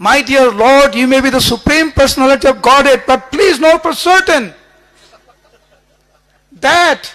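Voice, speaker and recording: A man's voice: extremely high pitch, fairly bright tone, pitched above the performer's own voice. A man voicing an indignant, devoted male disciple who fervently scolds his lord in a retold scripture story. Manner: fervent, reproachful, emphatic.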